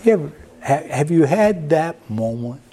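A man preaching a sermon, telling a story with restarts and repeated words, his pitch jumping upward at emotional peaks. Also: sing-song, normal speed, mellow. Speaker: pastor.

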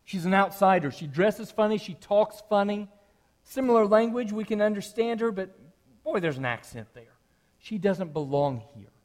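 A man's voice: high-pitched, moderate pace. Man preaching a conversational sermon. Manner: conversational preaching, rising to animated emphasis. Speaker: pastor.

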